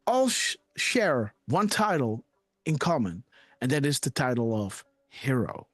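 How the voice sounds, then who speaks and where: A man hosting a live decode show, talking fast and excitedly and asking "right?" again and again. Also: mid-range voice, no room sound. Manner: animated, repeats "right?" and "guys". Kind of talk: conspiracy decode commentary.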